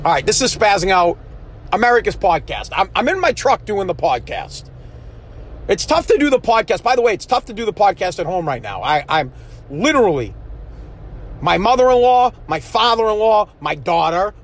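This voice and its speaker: A man hosting a solo podcast from his truck while driving, ranting in a profane, worked-up way and getting loudly passionate. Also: sits high. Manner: passionate, yells when fired up. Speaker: podcast host. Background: faint road and engine noise.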